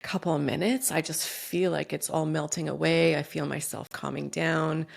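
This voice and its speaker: Woman host, low voice with some fry, relaxed and reflective in a casual interview. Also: moderate pace.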